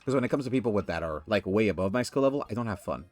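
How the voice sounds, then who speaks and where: A man's voice: on the low side, animated, racing, a little mellow, no echo. A man giving casual gameplay commentary, rambling and ranting in exasperation. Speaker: let's play commentator.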